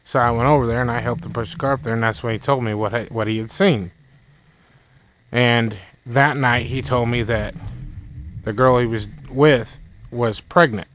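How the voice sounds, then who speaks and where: A man's voice: medium pitch, moderate pace, a little hiss or hum, rough recording. A young man telling a frightening personal story in casual talk, rambling and repeating himself, with faint music behind. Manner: rambling, repeats himself, quotes friend in excited bursts.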